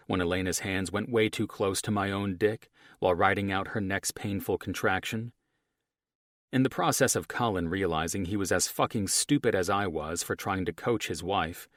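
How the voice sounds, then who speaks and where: A male audiobook narrator reading in first person with a wry, profane, lively storytelling manner. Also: sits low, dry recording, clean studio sound.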